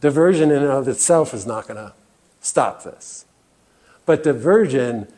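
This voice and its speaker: A man's voice: mid-range voice, dark tone. A man giving a presentation talk as guest speaker, earnest and often restarting with fillers. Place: meeting room.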